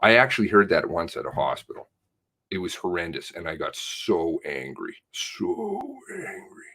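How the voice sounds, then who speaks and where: A man's voice: low-pitched, animated, normal speed, pushed and bright. A man giving rambling, profane commentary while reading through material, muttering to himself and then flaring up. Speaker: independent online investigator.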